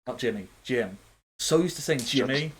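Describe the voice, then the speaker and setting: A man narrating as game master in a tabletop game, animated and playful, with sound effects. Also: medium pitch, moderate pace, a little hiss or hum.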